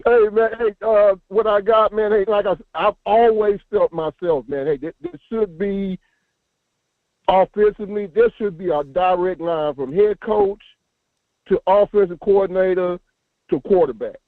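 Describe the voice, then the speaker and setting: A man calling in over a tinny phone line, his voice high and the sound bone dry with no room around it. He rambles emphatically and circles back on his words as he makes his point. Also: animated, a little slow, no room sound. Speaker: caller. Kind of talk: casual call-in chat.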